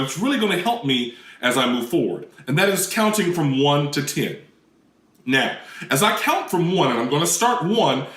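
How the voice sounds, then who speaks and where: A man presenting a children's lesson on puppetry, demonstrating voice warm-ups in an animated way. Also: fairly high pitch. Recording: roomy, mic at a distance.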